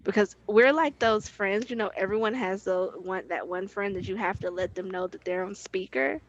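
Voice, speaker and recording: A woman's voice: mid-range voice, moderate pace, lo-fi sound. A woman co-hosting a podcast in casual chat, telling stories in a chatty, playful way. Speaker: podcast co-host.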